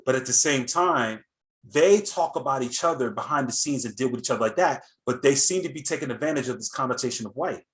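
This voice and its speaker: This host talks briskly in a mid-range voice, an American man on a casual talk show. His story wanders, stuffed with fillers and false starts, and he retells it animatedly.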